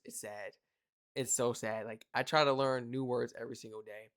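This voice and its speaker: A young man from the United States giving casual, slangy reaction commentary, talking in an animated, exclaiming way. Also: medium pitch, moderate pace. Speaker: reaction video host.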